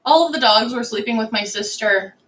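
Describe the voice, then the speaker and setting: A woman co-host reads viewer comments aloud in a slightly high voice, then slips into easy chat. She laughs often as she tells her stories. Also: fairly quick, fairly bright tone, slight background noise, rough recording. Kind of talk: live stream chat.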